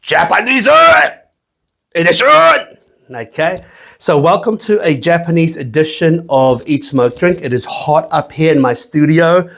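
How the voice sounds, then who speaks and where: A man's voice: a little high, moderate pace. A man hosting a casual whisky review from his small home studio, joking and swearing as he rambles, sweaty in the summer heat.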